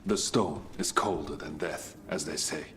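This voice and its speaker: An actor playing a solemn, terse male dwarf guide who speaks in a formal, measured, ominous way. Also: very deep voice, fairly bright tone, a little hiss or hum.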